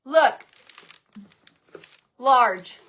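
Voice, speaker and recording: Bubbly woman doing a live craft stream, high voice bouncing all over, slow and drawn out. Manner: chatty and excitable, calling out viewers by name. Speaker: livestream host selling craft supplies and clothes. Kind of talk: casual live craft demo with viewer shout-outs.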